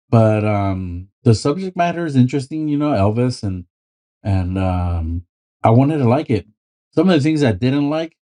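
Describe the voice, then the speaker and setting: A man's voice: mid-range voice, mellow. A man co-hosting a podcast in casual chat, rambling with many ums and swearing freely. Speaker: podcast co-host.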